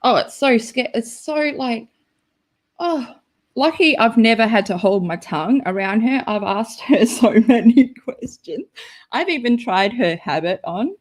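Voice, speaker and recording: A woman's voice: a little high, animated, a little slow. A woman hosting a live stream, chatting casually and rambling with lots of "like" and giggles. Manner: rambling, giggly, full of "like" fillers.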